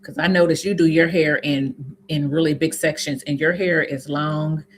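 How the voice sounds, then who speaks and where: A woman with a Southern US accent, chatting casually with viewers on a live stream, reading comments aloud and answering them with sudden high, laughing exclamations. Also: fairly even intonation, moderate pace, a little hiss or hum. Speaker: YouTube host answering live chat.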